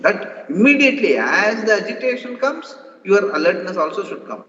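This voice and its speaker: A man's voice: high voice, big pitch swings, normal speed, few pauses, sharp tone. A man teaching a scripture class over a video call, earnestly explaining and repeating phrases for emphasis. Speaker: spiritual teacher. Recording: echoey distant online call, dull lo-fi sound, faint hiss.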